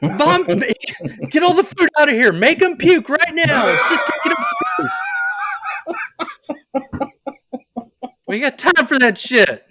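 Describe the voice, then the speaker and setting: A man voicing a frantic male commander who barks emergency orders in a high, strained shout. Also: huge pitch swings, moderate pace, background noise, heavily acted. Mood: frantic, commanding. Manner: shouting orders, breaking into laughter.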